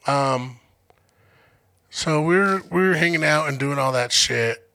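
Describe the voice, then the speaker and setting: Young man from Denver, podcast co-host, gravelly, bright and slightly high voice, profane storyteller. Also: slow. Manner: profane, animated storyteller who acts out quotes. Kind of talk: casual storytelling chat.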